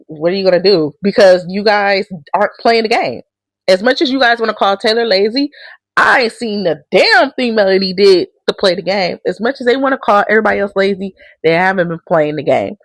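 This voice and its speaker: A woman's voice: medium pitch, expressive, moderate pace, no room sound. A woman hosting a casual recap of a reality show, blunt and profane as she tells the story with a lot of animation.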